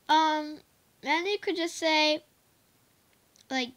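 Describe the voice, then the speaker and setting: Very high-pitched giggly female vlogger. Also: drawn-out words, a bit bright. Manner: giggly and apologetic, rambling with fillers. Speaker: vlogger teaching softball cheers. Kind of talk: casual chat to camera.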